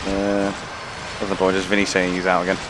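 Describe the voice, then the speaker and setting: A man's voice: low-pitched, monotone, fairly quick, noisy background. Rambling man streaming a game. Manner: rambling, swears casually. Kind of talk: casual gameplay chat.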